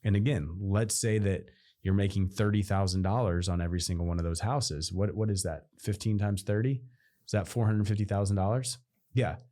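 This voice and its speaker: A man's voice: lowish voice, fairly even intonation, a little fast, dark tone. A man co-hosting a podcast, chatting casually and rambling about running a business, often restarting his sentences. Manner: rambling, self-interrupting, playful. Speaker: podcast co-host.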